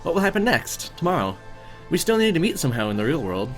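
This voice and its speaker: A man voicing a shy bookish young woman at a summer camp, with raised pitch and a trembling, emotional delivery. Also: big pitch swings, fast talker, soft background music. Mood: hopeful.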